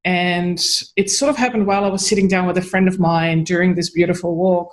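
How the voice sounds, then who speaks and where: A woman tells a personal story on a podcast interview. She speaks in an animated, conversational way and laughs often as she goes. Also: fairly low pitch, fairly quick, poor audio. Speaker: podcast guest.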